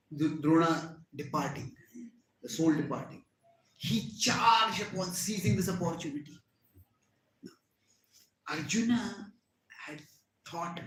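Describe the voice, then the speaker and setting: A man with an Indian English accent, a spiritual teacher recounting an epic as a devotional lecture, dramatic and acting out the characters' cries. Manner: dramatic, acts out characters' cries with swings in pitch and loudness. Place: lecture hall. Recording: echoey hall, faint background noise.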